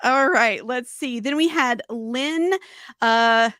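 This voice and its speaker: A woman's voice: on the high side, takes it slowly, a bit bright, no room sound, clean studio sound. A woman co-hosting a live-stream podcast, giggling as she runs through a list of guests. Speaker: podcast co-host. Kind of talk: casual live-stream chat.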